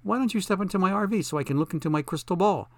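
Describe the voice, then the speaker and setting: A man's voice: high voice, rapid-fire, creaky, no room sound, pitched above the performer's own voice. A male narrator voicing a confident, self-assured woman who works as a fortune teller. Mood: breezy.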